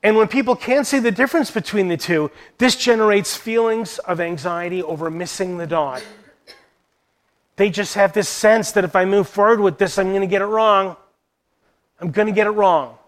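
Male Christian teacher, high-pitched voice, earnest and questioning delivery to church leaders. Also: normal speed. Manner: earnest, poses rhetorical questions.

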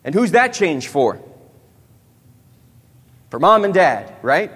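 A man's voice: a little high, big pitch swings, takes it slowly, fairly bright tone, breathy edge. A man in his thirties preaching a sermon, asking the audience questions and tagging many lines with "right?". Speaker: youth pastor. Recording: long hall reverb.

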